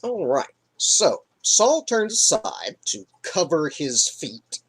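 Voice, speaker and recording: A man's voice: fairly high pitch, big pitch swings, takes it slowly, a little hiss or hum. A man hosting a live stream, retelling a Bible story in an irreverent, joking way. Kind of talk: casual comic Bible retelling.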